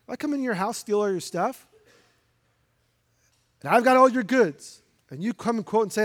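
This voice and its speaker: A man's voice: high-pitched, moderate pace, pauses often, fairly bright tone. A man, a pastor, preaching a sermon in an emphatic, direct way and putting questions to the congregation. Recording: long hall reverb.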